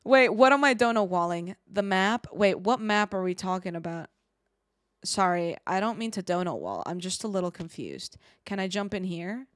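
A woman streaming a game live, chatting with her viewers in an excitable, giggly way. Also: medium pitch, moderate pace, dry recording, studio quality. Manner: excitable, giggly, talks to chat.

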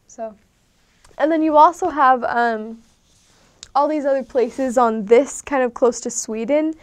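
A woman's voice: sits high, measured pace. A woman in a casual, meandering chat who explains things with many ums and loose asides. She is an outsider to the country she describes. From not from Norway. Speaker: vlogger explaining dialects.

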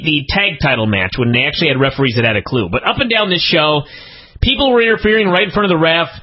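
A man's voice: high voice, slightly rough. A man co-hosting a podcast, reviewing wrestling TV in a casual, exasperated, incredulous way and swinging his voice up for emphasis. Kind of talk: casual comedic review chat. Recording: dull lo-fi podcast audio.

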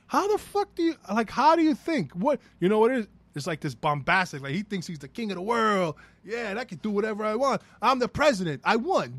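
A man's voice: high voice, dry recording. A man with a New York accent ranting through a solo podcast episode, profane and rambling, talking in a heated way. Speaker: podcast host.

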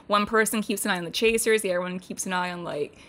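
A woman co-hosting a podcast in casual chat, relaxed and meandering, saying "like" a lot. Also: mid-range voice, quick pace. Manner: relaxed, meandering, many likes. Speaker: podcast co-host.

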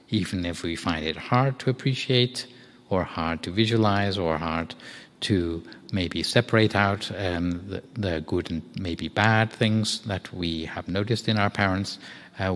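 Monk, male, very low voice, measured storytelling sermon, hall reverb. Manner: measured, gentle storytelling with occasional fillers. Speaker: monk giving a Dhamma talk. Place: meditation hall.

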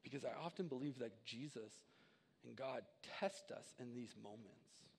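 A pastor in his thirties delivers a sermon in a long-echoing church sanctuary, his pitch sitting in an ordinary middle range. He tells personal stories with animated energy, rising loud and then dropping quiet. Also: moderate pace, breathy edge. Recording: reverberant church hall.

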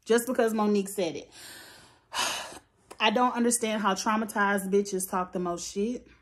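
A woman giving a blunt, profane, animated review of a reality show in a casual vlog. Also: medium pitch, unhurried. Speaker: reality TV recap vlogger. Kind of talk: casual opinionated commentary.

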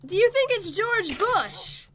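A young woman co-hosting a game video, joking and giggling with her partner. Her voice sits very high with a bright edge. She talks with a lively, swooping melody. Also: slow, a little hiss or hum. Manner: giggly, playful banter. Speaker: gaming video co-host. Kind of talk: casual gameplay chat.

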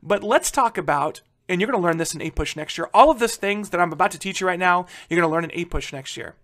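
A man delivers a recorded history lecture. He talks fast and animatedly, keeps addressing his listeners as "guys", and keeps checking that they are following along. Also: high-pitched. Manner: energetic, addresses students as "guys", frequent "all right?" check-ins. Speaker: history teacher.

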